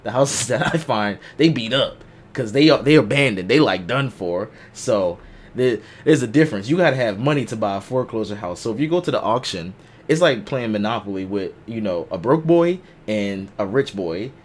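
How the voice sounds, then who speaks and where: A man's voice: lowish voice, normal speed. A man hosting a casual live chat show, joking and telling stories in a loose, slangy way. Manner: animated storyteller, slangy and joking. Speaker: podcast host.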